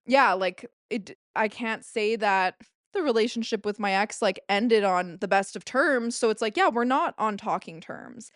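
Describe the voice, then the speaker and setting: A woman's voice: mid-range voice, measured pace, a bit bright, dry recording, clean studio sound. A woman in her late twenties hosting a solo podcast, talking in a rambling, confessional way, full of filler words and casual swearing. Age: late 20s. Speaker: podcast host.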